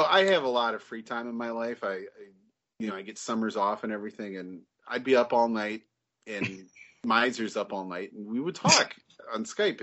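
A man's voice: medium pitch, fairly bright tone. A man telling a laid-back story in casual podcast banter and mocking the people he quotes. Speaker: podcast co-host. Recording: dull lo-fi sound.

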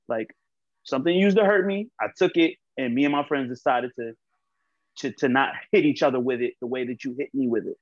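A man co-hosting a casual podcast chat, telling stories in an animated way, acting out quotes and swearing freely. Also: mid-range voice, brisk, dry recording, highs cut off. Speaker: podcast co-host.

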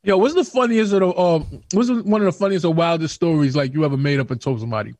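A man from Queens with a New York accent, co-hosting a podcast and telling animated, profane stories with voices for the people in them. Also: a little high, fast, no echo. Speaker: podcast co-host. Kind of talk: casual storytelling chat.

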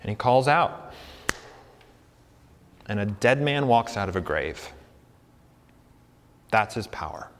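A man's voice: on the low side, very animated, takes it slowly, pauses often, fairly bright tone. A man preaching a sermon as pastor, earnest and conversational. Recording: long hall reverb.

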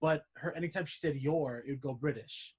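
A man in casual chat about movies, rambling and animated with frequent restarts. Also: a little high, brisk, breathy edge.

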